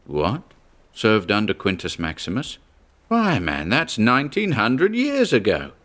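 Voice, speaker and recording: A man's voice: on the low side, wildly swooping pitch, measured pace, a bit bright, heavily acted. A man voicing a young male engineer adrift at sea, panicky and pleading in a strained, raised voice. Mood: frantic. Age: young adult.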